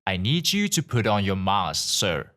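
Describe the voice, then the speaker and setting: A man's voice: lowish voice, wildly swooping pitch, a little slow, fairly bright tone, full character voice. A man voicing a male phlebotomist who makes firm, polite requests. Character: calm male clinic phlebotomist.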